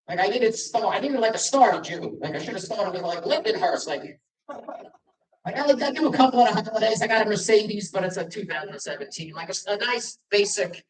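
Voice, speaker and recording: A man's voice: sits high, animated, fairly quick. A middle-aged man tells self-deprecating stand-up stories, his voice swooping up and down as he acts out both sides of a conversation. He sounds a little off the mic, and the room around him echoes. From Long Island, New York. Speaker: stand-up comedian. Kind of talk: stand-up comedy set. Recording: roomy venue, mic from a distance.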